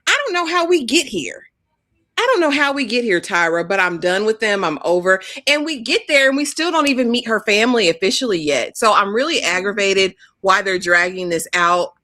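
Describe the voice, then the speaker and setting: A woman's voice: mid-range voice, lively intonation, brisk, pushed and bright, dry recording, clean studio sound. A woman co-hosting a live recap of a reality show, giving blunt, sassy, exasperated commentary. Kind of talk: casual live recap chat.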